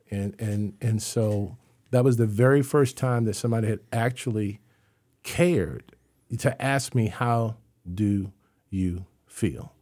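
A husky middle-aged man speaks as an interview guest, his voice mellow and soft-edged. He tells his story earnestly and keeps filling gaps with "you know.". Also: mid-range voice. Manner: acts out remembered voices.

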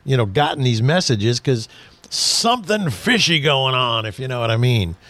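A man's voice: medium pitch, moderate pace, no echo. A man hosting a casual car talk radio show, telling stories and acting out quotes. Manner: animated storyteller, acts out quotes.

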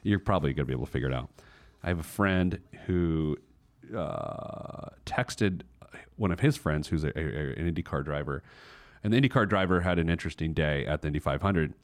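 A man's voice: extremely low pitch, brisk. A man hosting his own podcast, telling a story casually, full of fillers, restarts and laughter. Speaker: podcast host. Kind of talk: casual chat.

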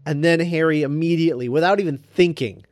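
A man's voice: fairly high pitch, brisk, no echo. A man co-hosting a podcast, chatting casually and jokingly about a film. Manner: animated, joking.

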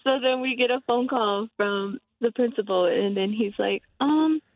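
A woman calling in to a radio show, telling a story in a giggly, animated way. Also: fairly high pitch, moderate pace, dry recording. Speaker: caller. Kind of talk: casual chat on a call-in show. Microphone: telephone. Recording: phone line.

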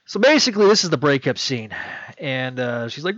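A man's voice: a little high, lively intonation, normal speed, a bit bright, dry recording. A man casually recapping a story and rambling with fillers. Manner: rambling with fillers, acting out lines. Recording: dull lo-fi dry recording.

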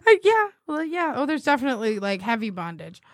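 A woman's voice: a little high, sing-song, brisk, noisy background. A woman co-hosting a casual chat show, giggling often as she reads dating profiles aloud. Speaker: podcast co-host.

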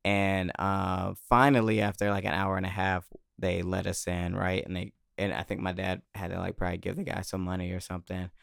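A man telling a personal story in casual chat, animated, swearing and laughing often, on a close mic. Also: low voice, a little fast, gravelly, hardly any pauses, clear, resonant tone, no room sound.

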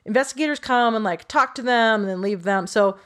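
A woman co-hosting a podcast, telling a true crime case in a chatty, animated way with quoted voices and quick self-corrections. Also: on the high side. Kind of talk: casual storytelling chat.

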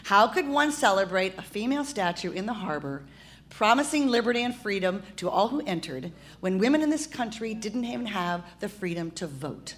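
A woman's voice: mid-range voice, animated, normal speed. A woman performer in a comedic rant, impassioned and stammering through restarts.

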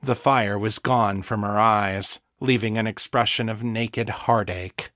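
A man reading his own fantasy novel as an audiobook, in a steady, measured storytelling voice. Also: lowish voice, no echo, clean studio sound. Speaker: author and audiobook narrator. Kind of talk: scripted audiobook narration.

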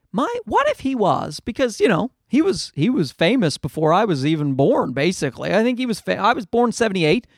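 In a dry, studio-quality recording, a man in his forties hosts a podcast with a high, creaky, fairly bright voice. He's a comedian delivering a casual, profane monologue, ranting and putting on mocking voices for the people he quotes.

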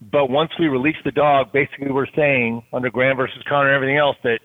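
Police dog handler over a tinny line. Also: male voice, mid-range voice, fast, no room sound. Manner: steady, detailed explaining with fillers. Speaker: SWAT canine handler. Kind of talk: casual podcast chat. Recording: tinny phone-like line, dry.

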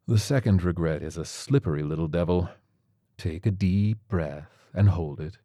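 A soft-spoken tiger surgeon, voiced by a man in a spoken story. He sounds measured and clinical and stays gently matter-of-fact. The voice is deep and the sound is dry and close. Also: no echo. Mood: calm.

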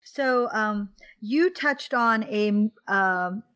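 A woman from the United States co-hosting a podcast in casual, animated chat, often laughing and exclaiming. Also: on the high side, extremely slow, clean tone. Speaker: podcast co-host.

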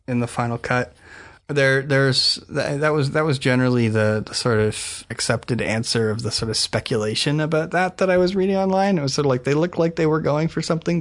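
Male podcast host, casual chat, enthusiastic trivia fan, average-pitched voice, lots of restarts. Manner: eager, trivia-loving, tumbling restarts.

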